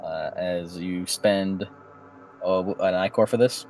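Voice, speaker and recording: A man's voice: sits low, steady tone, slow pace, darkish tone, slight background noise, low-quality recording. A man narrating a tabletop role-playing game as game master, hesitant with many fillers.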